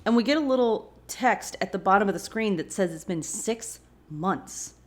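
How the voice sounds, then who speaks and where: A woman's voice: mid-range voice, normal speed. A woman hosting a rewatch show, casually recapping an episode and reacting with feeling as she retells it. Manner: expressive, reacts emotionally while retelling.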